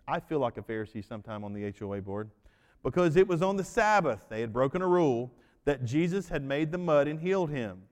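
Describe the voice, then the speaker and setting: A man preaching a sermon as pastor, folksy and animated, acting out voices as he tells stories. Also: fairly high pitch. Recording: reverberant hall.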